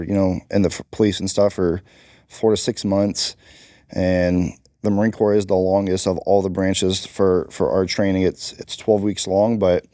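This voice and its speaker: Interview guest, man, Marine combat veteran, very low and dark voice, blunt and emphatic. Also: no room sound, studio quality. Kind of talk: candid interview talk.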